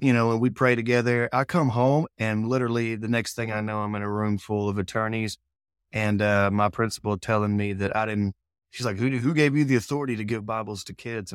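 A man in his forties, a filmmaker guest, telling his story in a casual interview in an earnest, animated way, acting out quoted exchanges. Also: mid-range voice, clean tone, dry recording, studio quality.

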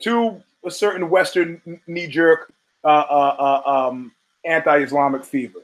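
Profane storytelling man, slightly high voice. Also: measured pace, poor audio. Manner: profane storytelling with acted-out quotes. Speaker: podcast host. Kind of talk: casual monologue.

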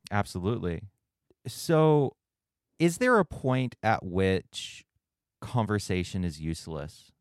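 A man's voice: fairly low pitch, very animated, slow, no echo, studio quality. A man hosting a podcast interview, speaking in a reflective, hesitant way and often restarting his phrases. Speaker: podcast host. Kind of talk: conversational interview.

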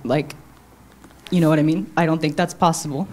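A woman's voice: low voice, steady tone, brisk, darkish tone. A woman in a church congregation asking an earnest personal question, rambling anxiously with many fillers.

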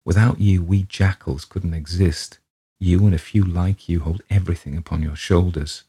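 A man voicing a blunt, devoted woman friend, low and husky. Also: steady tone, moderate pace, mellow. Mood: earnest. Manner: blunt, pointed.

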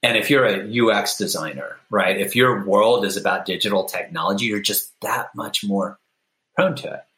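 A man's voice: fairly low pitch, moderate pace, sharp tone, echoey room, poor audio. A man speaking as a guest author on a podcast, reflective and thinking aloud with fillers. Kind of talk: conversational podcast interview.

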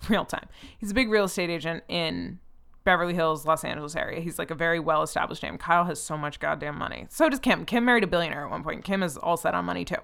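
A woman's voice: fairly low pitch, quick pace, creaky, fairly bright tone, clean tone. A young woman hosting a podcast, talking casually and with strong opinions, full of fillers and frequent swearing. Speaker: podcast host.

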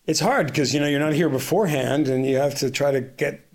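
A man's voice: on the high side, fairly quick. A man co-hosting a podcast, calling in from abroad and telling a long story in a tired, rambling way with many restarts. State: tired, bleary-eyed. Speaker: podcast co-host reporting from abroad. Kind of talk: casual conversational storytelling. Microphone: remote call-in.

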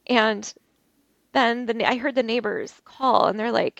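A woman telling an interview host about a violent attack she survived, talking haltingly with many restarts. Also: fairly high pitch, steady tone, creaky, a bit bright, dry recording, lo-fi sound. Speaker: interview guest. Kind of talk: recounting a personal ordeal. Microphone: video call.

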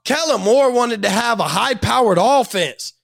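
A man hosting a sports podcast, delivering an angry, profane rant and shouting at times. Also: very high-pitched, lively intonation, normal speed, creaky, no echo, studio quality.

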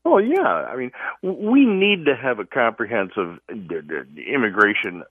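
A man's voice: medium pitch, very animated, moderate pace, slightly rough, no echo, narrow, tinny audio. A man speaking as a guest commentator on a talk radio show, emphatic and opinionated, stumbling and restarting often.

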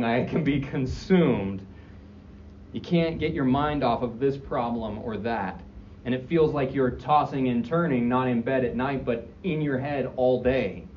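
A man preaching a sermon, earnest and emphatic, slowing down and repeating key phrases. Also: mid-range voice, a little mellow. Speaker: pastor. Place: church sanctuary. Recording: dull, distant mic with faint room noise.

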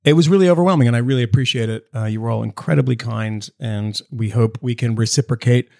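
A man's voice: mid-range voice, vocal fry, a little mellow, dry recording, studio quality. A man co-hosting a podcast from a home video setup, rambling and joking in casual chat and swearing now and then. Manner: rambling, jokey, swears, does quick mock voices. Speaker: podcast co-host.

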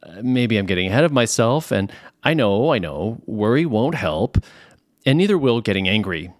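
A man with a Southern California accent, hosting a podcast and reading out a joking letter in a playful, animated way. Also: lowish voice, moderate pace, no room sound, clean studio sound. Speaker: podcast host.

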